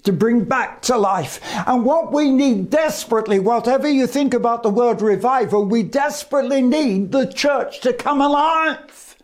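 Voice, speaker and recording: A male evangelist preaching a sermon, slow and deliberate, with emphatic pauses between phrases. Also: very high voice, a little mellow.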